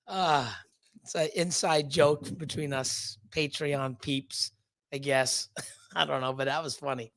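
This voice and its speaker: A man's voice: on the high side, fairly even intonation, takes it slowly, a bit bright, dry recording. A man hosting a live stream, greeting chat viewers one by one in a rambling, loose way with lots of fillers. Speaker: livestream host.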